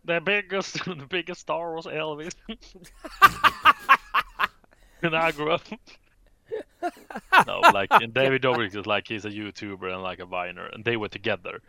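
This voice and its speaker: A man co-hosting a relaxed gaming talk show, with a gravelly, bright-edged voice. He rambles through stories, swears freely and jokes around. The sound is dry and close. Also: medium pitch, unhurried, long pauses, dry recording. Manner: joking, swearing, rambling storyteller. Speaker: podcast co-host. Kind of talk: casual gaming chat.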